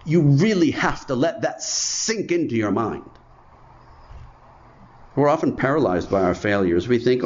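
A man's voice: medium pitch, animated, a little slow, long pauses, a little mellow. Emphatic male preacher, muffled recording. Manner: emphatic, repeats phrases for effect. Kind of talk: sermon.

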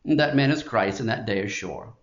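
A man's voice: mid-range voice, fairly quick, echoey room, muffled recording. A man preaching a sermon in an emphatic, declamatory way, stacking phrases with rising force.

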